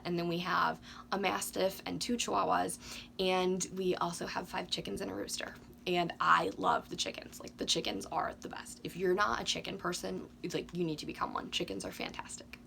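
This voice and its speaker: A woman in her twenties chatting casually to camera with lots of ums, a little hoarse from losing her voice. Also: fairly low pitch, fairly bright tone, a little hiss or hum. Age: 20s. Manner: chatty, frequent ums, candid. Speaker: doll collecting YouTuber.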